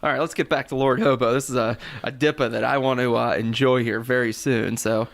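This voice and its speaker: A man's voice: medium pitch, fairly even intonation, brisk, gravelly. A man hosting a beer podcast in casual chat, upbeat and laughing often. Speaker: podcast host.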